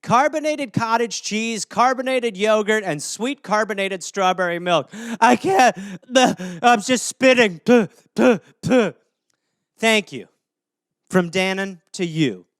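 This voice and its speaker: A man's voice: high-pitched, a little slow, a bit bright, clean tone, no room sound, clean studio sound. A man in his thirties hosting a solo comedy podcast, ranting and acting out silly scenes with lots of swearing. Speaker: podcast host.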